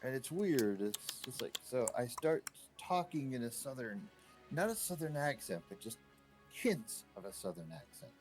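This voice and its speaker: A man's voice: medium pitch, very animated, normal speed, soft background music. A man chatting casually on a gaming stream, restarting his sentences and searching for words.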